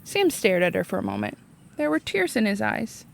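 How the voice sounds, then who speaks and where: A woman reading a chapter book aloud for a read-along, expressive and explaining the story in simple terms. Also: medium pitch, moderate pace, vocal fry.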